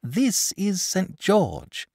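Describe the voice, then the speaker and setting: A man's voice: high-pitched, wildly swooping pitch, very slow, creaky, a little mellow, husky, no room sound, studio quality, pitched above the performer's own voice, heavily acted. A man voicing an eager, blunt little boy in a storybook reading. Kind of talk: audiobook character voice.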